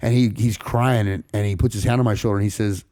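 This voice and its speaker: A man from California's San Fernando Valley, a podcast guest telling a personal story in rapid, profane street talk full of restarts. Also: on the low side, steady tone, warm tone, dry recording, clean studio sound. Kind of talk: casual storytelling interview.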